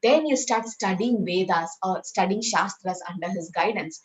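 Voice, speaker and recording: A woman's voice: mid-range voice, moderate pace, rough recording. A woman from India, teaching a scripture class in a conversational way and often checking with "right?".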